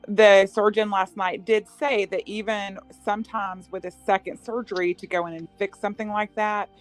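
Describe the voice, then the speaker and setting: A woman's voice: medium pitch, level tone, moderate pace, faint music behind, rough recording. A woman co-hosting a casual podcast chat, talking hesitantly and filling gaps with "you know" and "uh". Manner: hesitant, filler-heavy.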